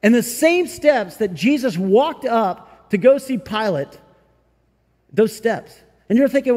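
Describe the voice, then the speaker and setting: A man's voice: very high voice, animated, slow, darkish tone. A male pastor preaching a sermon in a church, talking conversationally with frequent "right?" and "you know?" tags and acting out scenes in quoted voices. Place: church sanctuary. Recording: long reverb of a large hall.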